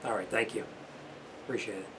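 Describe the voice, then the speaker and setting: Blunt New mechanic in a noisy shop. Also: male voice, lowish voice, steady tone, brisk. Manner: casual, blunt, talks the viewer through each step. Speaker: auto mechanic. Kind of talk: hands-on repair demonstration. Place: auto repair shop.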